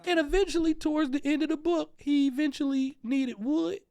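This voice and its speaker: Woman, high voice, show host, casual comedy chat, rambling, laughing. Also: fairly even intonation, brisk, warm tone.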